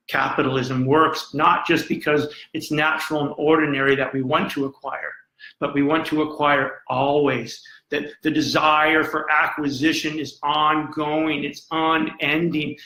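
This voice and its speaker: A man's voice: a little high, steady tone, moderate pace, sharp tone. Impassioned male lecturer in a roomy space. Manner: dramatic, emphatic, repeats phrases for effect. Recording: roomy echo.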